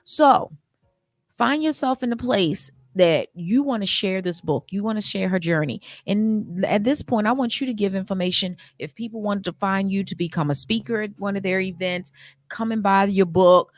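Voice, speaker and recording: A woman's voice: mid-range voice, normal speed, dry recording. A woman hosting a faith-based radio interview, speaking in an encouraging, preacherly way to her listeners. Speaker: radio show host.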